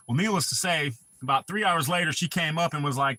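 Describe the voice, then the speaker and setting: A man's voice: on the high side, fast talker, hardly any pauses, sharp tone, dry recording. A man chatting casually on his livestream, telling rambling, profane stories. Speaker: livestream host.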